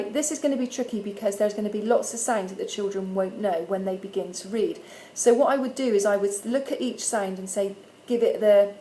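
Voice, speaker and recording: A woman with a warm, medium-pitched voice patiently and clearly sounds out letters at a slow pace. She's a primary school teacher making a friendly instructional video for parents, captured in a rough recording with a bit of hiss or hum.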